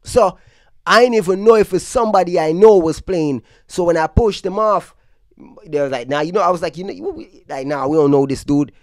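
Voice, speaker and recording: A man's voice: high-pitched, fairly quick, darkish tone, no room sound, clean studio sound. A man from Brooklyn with a mixed Jamaican and New York accent, giving casual vlog commentary and telling stories that switch between patois and street slang. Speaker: dancehall news vlogger.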